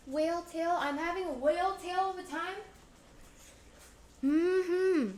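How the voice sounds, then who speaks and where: A woman's voice: sits high, darkish tone, slight background noise. A woman chatting casually through a cooking livestream, playful and bubbly as she talks to her viewers. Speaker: streamer.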